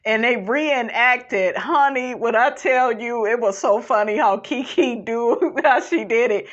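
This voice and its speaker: A woman hosting a podcast, recapping in a sassy, animated way, laughing often and calling listeners "honey". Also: a little high, a little slow. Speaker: podcast host recapping a reality show. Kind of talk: casual recap chat. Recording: dull lo-fi recording.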